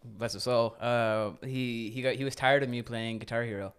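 A man's voice: medium pitch, normal speed, clear, resonant tone. A man from Newfoundland, a podcast guest, telling casual stories with lots of swearing and repeated words. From Newfoundland, Canada. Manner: animated storyteller with frequent repeats and swearing. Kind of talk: casual chat.

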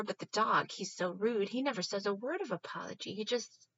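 A woman reading a children's book aloud, expressive and stopping now and then to fix her slips. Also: medium pitch, moderate pace, breathy edge, dry recording, highs cut off. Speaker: reader.

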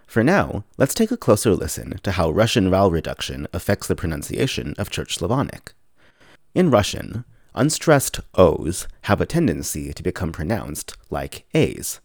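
A man narrating a scripted podcast lesson in a measured, explanatory way, spelling words out slowly. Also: deep voice, darkish tone, dry recording, clean studio sound. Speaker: podcast teacher.

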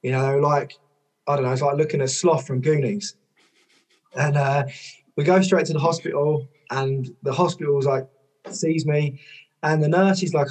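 A man, a former rugby player and coach, telling stories in a podcast conversation, lively, with lots of "like" fillers and casual swearing. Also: on the high side, moderate pace. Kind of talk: conversational storytelling.

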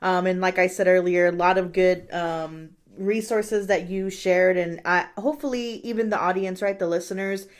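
A woman's voice: lowish voice, steady tone, normal speed, hardly any pauses. A woman hosting a casual podcast, talking in a friendly, agreeable way with frequent "um"s. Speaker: podcast host.

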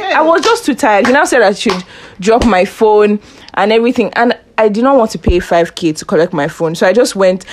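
A young woman hosting a casual podcast chat, telling lively stories about college, quoting people in their own voices and laughing often. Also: a little high. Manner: animated storytelling, acts out quoted voices, laughs often. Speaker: podcast host.

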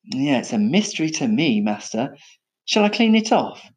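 A man's voice: medium pitch, big pitch swings, normal speed, a little mellow, close to an everyday voice. A man voicing a cheeky, scheming young elephant keeper with a breezy, innocent-sounding manner.

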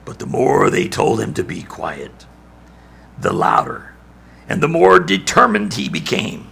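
A male preacher giving a dramatic sermon, building to shouts and dropping to near-whispers. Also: low-pitched, huge pitch swings, measured pace, vocal fry, husky.

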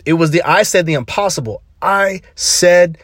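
Male podcast host, punchy slang-heavy motivational delivery, slightly high pitch. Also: normal speed, slightly rough, no echo, studio quality. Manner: emphatic, slangy, repeats phrases for punch.

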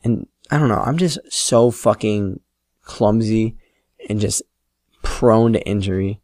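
A man's voice: on the low side, slow pace, darkish tone, dry recording, clean studio sound. A man in his late teens hosting a solo podcast, telling rambling, self-deprecating stories and swearing freely. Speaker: podcast host. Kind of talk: casual solo podcast storytelling.

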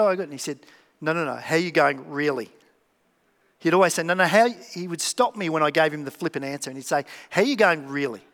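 A man's voice: sits high, fairly bright tone. A man preaching a conversational sermon, acting out little dialogues and repeating key phrases. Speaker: pastor. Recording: long reverb of a hall.

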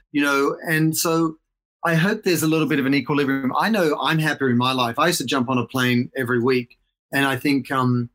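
A man's voice: mid-range voice, fairly bright tone. A middle-aged Australian man in a casual interview, talking reflectively and rambling with restarts. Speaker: guest.

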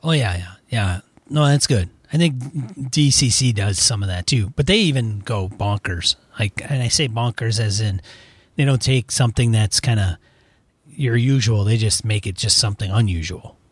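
A man's voice: lowish voice, normal speed, breathy edge, no room sound. A man co-hosting a casual tabletop gaming podcast, joking playfully with his co-host.

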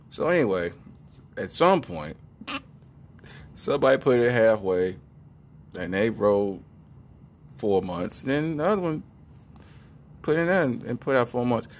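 A man riffing through a comic commentary in a jokey storyteller's manner. His pitch swoops up and down a lot around a mid-range voice. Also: a little slow, long pauses. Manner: animated, jokey, mock-storytelling. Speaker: online commentator. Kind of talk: joking commentary.

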